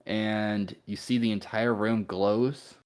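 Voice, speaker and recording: A man narrating a tabletop game as game master in an unhurried, easygoing way with fillers. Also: on the low side, steady tone, a little mellow, smooth.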